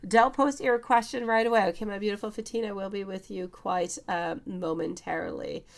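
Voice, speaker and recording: A woman's voice: mid-range voice, fairly quick, gravelly. A woman reading tarot on a live stream, greeting chat viewers by name and calling them sweetie and beautiful. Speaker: tarot reader.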